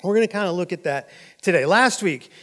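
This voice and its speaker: A man's voice: high-pitched, expressive, a little fast, fairly bright tone, long reverb tail. A male pastor preaching to his church with a swollen jaw after oral surgery, joking at his own expense and acting out dialogue in his stories. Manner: joking and self-deprecating, acts out dialogue. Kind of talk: sermon. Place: church auditorium.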